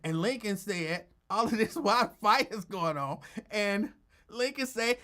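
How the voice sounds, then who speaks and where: A man's voice: sits high, moderate pace. A male radio talk show host telling a story in a casual, teasing way and acting out the quotes. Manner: animated, teasing, acts out quotes.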